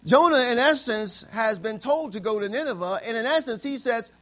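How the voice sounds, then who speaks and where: A man's voice: extremely high pitch, expressive, normal speed, few pauses, fairly bright tone. A man preaching a sermon, asking for amens and acting out little scenes. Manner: call-and-response preaching, frequent amens, acts out voices in anecdotes. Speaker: pastor.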